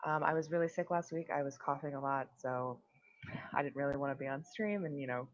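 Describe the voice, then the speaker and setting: A woman's voice: very deep voice, brisk. A young woman hosting a casual livestream, chatting and greeting viewers with lots of fillers. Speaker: livestream host. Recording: dull lo-fi stream audio.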